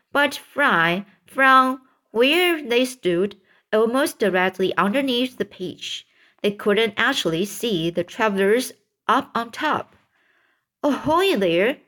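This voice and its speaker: A woman reading a children's book aloud, stumbling and restarting on words, lifting her voice for the characters' shouts. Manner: slow, halting read-aloud with stumbles and restarts; raises pitch for characters' shouted lines. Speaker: reader.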